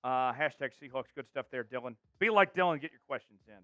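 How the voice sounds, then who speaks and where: A man's voice: medium pitch, lively intonation, quick pace, pushed and bright, no echo, highs cut off. A man hosting a live sports show, talking energetically and calling out viewers from the chat. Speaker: show host.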